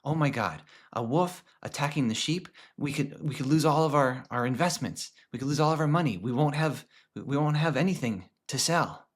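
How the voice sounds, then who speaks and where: A man's voice: fairly high pitch, expressive, moderate pace, hardly any pauses. A man voicing a flustered old village man in a told story, close to his own speaking voice. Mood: panicked. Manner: alarmed, flustered.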